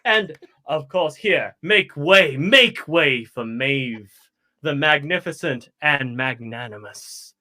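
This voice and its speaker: A man's voice: a little high, expressive, slow pace, sharp tone, slight background noise, exaggerated voice. A man voicing a flamboyant, lovestruck adventurer who boasts and announces his companions like a showman. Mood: grandiose. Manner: grandiose theatrical announcing.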